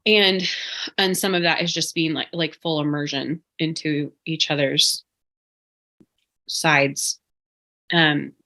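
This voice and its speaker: A woman's voice: low-pitched, steady tone, takes it slowly, long pauses, bright, forceful tone. A woman in her thirties, a podcast co-host, talking in a reflective, rambling way with frequent fillers in a casual chat.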